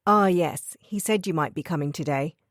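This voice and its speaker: A woman voicing a stout, polite middle-aged housekeeper with an Estuary London accent, speaking in a flat, courteous way. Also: low voice, normal speed, dry recording, clean studio sound, close to an everyday voice.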